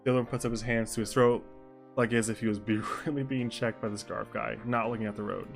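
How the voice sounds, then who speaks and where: A man's voice: medium pitch, fairly even intonation, fast talker, gravelly, faint music behind. Young male streamer, casual story narration with rambling asides. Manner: rambling asides, mixes narration with chat comments. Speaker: streamer narrating a role-play.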